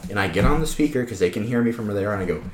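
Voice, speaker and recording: A young man spins work anecdotes in a low voice, swinging widely in pitch as he acts out every quote. The room is echoey and a loud hiss sits under him. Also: rapid-fire, over a noisy crowd. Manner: animated storyteller acting out quotes. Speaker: podcast co-host. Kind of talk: casual storytelling chat.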